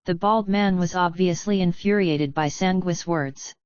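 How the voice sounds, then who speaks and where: A woman narrating an audiobook in a steady, even reading style. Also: fairly low pitch, a little slow, few pauses, smooth, no echo, highs cut off. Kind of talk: scripted narration.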